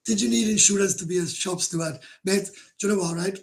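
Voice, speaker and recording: A man's voice: sits high, fast. A middle-aged Welsh man hosting a casual livestream, chatting to viewers in a blunt, rambling way, swearing freely and laughing often. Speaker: livestream host. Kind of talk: casual livestream chat, reading comments.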